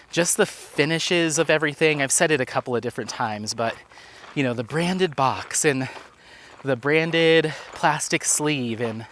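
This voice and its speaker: Out on a walk, a man vlogs as he chats and rambles casually, heavy on fillers and a little out of breath. His medium-pitched voice is fairly bright, with a little hiss or hum in the recording.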